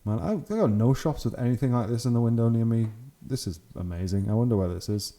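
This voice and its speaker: A man's voice: mid-range voice, expressive, fast, dark tone. A young man hosting his channel, giving casual, enthusiastic commentary on hobby photos and laughing often. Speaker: channel host.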